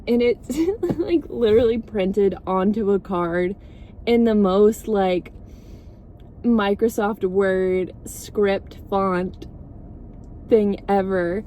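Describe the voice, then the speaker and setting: Slow-talking sarcastic woman vlogger. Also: mid-range voice, mellow, slight background noise. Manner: sarcastic, rambling, swears freely. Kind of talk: casual movie recap rant.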